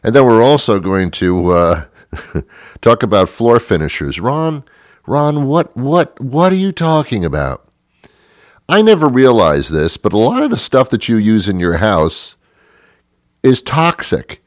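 A man's voice: mid-range voice, big pitch swings, measured pace, no room sound, clean studio sound. An older man hosting a radio show, rambling in a grumpy, sarcastic monologue.

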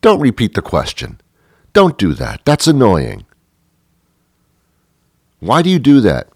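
A man's voice: medium pitch, huge pitch swings, a little slow, pauses often, no room sound. A man, a radio host, delivering a rambling, sarcastic, exasperated comic monologue into a close studio mic. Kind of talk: comedic monologue.

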